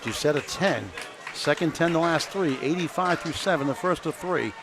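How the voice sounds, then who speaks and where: A man calling bowling play by play, brisk, reeling off scores and pin counts. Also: a little high, crowd noise, background noise. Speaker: commentator. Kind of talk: live play-by-play commentary.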